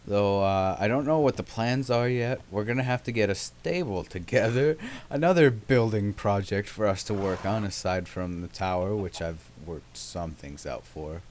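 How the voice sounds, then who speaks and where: A man's voice: lowish voice, normal speed, few pauses, a little mellow, slight background noise. A young man casually narrating his gameplay, rambling with sarcastic, self-mocking asides. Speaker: let's play host.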